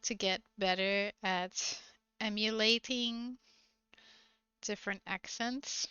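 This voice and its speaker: A woman's voice: mid-range voice, fairly even intonation, slow pace, sharp tone, clear, resonant tone, dry recording. A woman streamer chatting casually and giggling often while she crafts on a livestream, recorded on a slightly dull desk mic.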